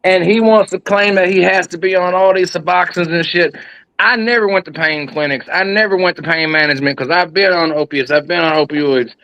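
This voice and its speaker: A man's voice: high voice, steady tone, a little fast, sharp tone, dry recording, lo-fi sound. A man in his thirties talking heatedly and profanely in casual chat, rambling as he gets worked up. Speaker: guest.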